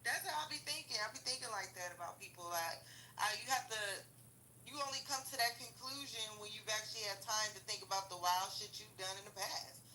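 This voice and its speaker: A woman with a very bright, sharp, forceful voice rants casually about her past. She is blunt and profane, heavy on slang, and laughs through her own stories. A faint hiss sits behind her. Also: medium pitch, a little fast, poor audio. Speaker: vlogger. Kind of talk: casual storytelling rant.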